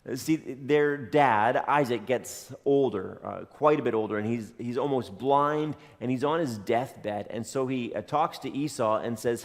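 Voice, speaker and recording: A man's voice: mid-range voice, measured pace, hardly any pauses. A man preaching a sermon as a pastor, telling a story in a conversational way with dry jokes. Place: church sanctuary. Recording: long hall reverb.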